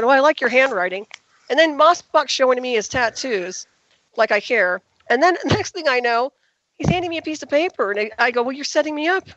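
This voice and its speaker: Woman guest, rapid emphatic storyteller, higher voice, dry lo-fi sound. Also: a bit bright, no room sound. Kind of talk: radio interview call.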